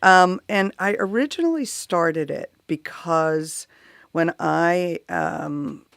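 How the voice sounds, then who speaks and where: A woman's voice: on the low side, slow pace, a bit bright, dry recording, clean studio sound. A woman who is a mother and runs workshops for moms, a guest on a talk show telling her story with animation. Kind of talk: casual interview chat.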